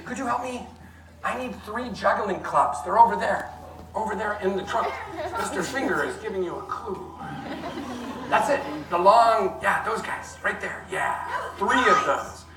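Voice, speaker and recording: A man's voice: high-pitched, animated, a little slow, vocal fry. A man doing a playful live comedy science show, talking to the audience with joking asides. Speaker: stage performer. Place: large hall before a live audience. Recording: echoey hall, mic from far off, crowd and noise.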